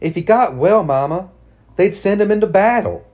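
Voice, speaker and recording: Man doing a young girl, frightened, tearful, pleading, high and lively, storybook. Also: moderate pace.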